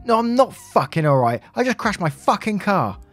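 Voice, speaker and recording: Raised, yelling woman driver who curses at everyone, put on by a male narrator. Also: sits high, very animated, normal speed, no room sound, soft background music, pitched above the performer's own voice. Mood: furious. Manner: yelling, cursing, demanding. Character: furious swearing middle-aged woman driver.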